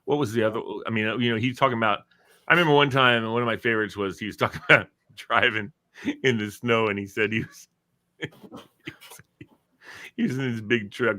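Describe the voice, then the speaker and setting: A man's voice: on the low side, moderate pace. A man hosting a casual chat, telling jokes with lots of laughter. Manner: animated joke-telling, laughs at his own punchlines. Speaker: host.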